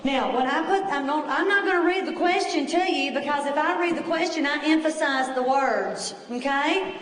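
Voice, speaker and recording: A woman's voice: sits high, normal speed, a bit bright, slight background noise. A woman teaching a test prep class, talking in a chatty, reassuring way. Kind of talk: lecture to a class. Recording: echoey room, voice far from the mic.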